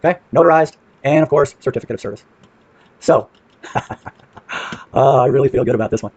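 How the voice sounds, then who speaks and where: A man's voice: medium pitch, normal speed, darkish tone, breathy edge, dry recording, highs cut off. A man with a brash, profane manner, casually walking through paperwork on screen and asking and answering his own questions.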